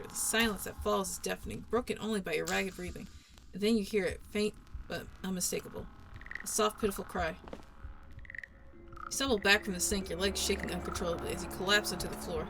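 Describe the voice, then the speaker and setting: A woman's voice: mid-range voice, fairly bright tone, low-quality recording. Woman streamer, dramatic game narration, music under it. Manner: dramatic narration with casual asides. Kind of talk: dramatic read-through of a game.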